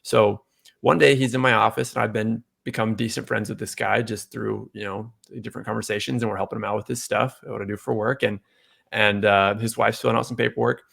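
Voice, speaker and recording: A man hosting a casual podcast chat, telling a rambling story and getting animated when he quotes people. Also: on the low side, brisk, vocal fry. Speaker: podcast host.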